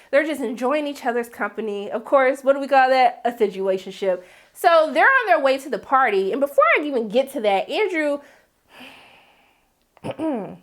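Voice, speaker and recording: Woman recap host, high voice, sassy and blunt, big jumps up for asides. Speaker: TV episode recap vlogger. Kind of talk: casual recap commentary.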